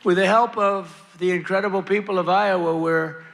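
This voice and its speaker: Male politician at a rally: high, gravelly, punchy delivery, boastful and repetitive, faint crowd behind. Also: steady tone, normal speed, fairly bright tone. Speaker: president giving a rally speech. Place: outdoor or arena rally with a crowd. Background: faint crowd noise.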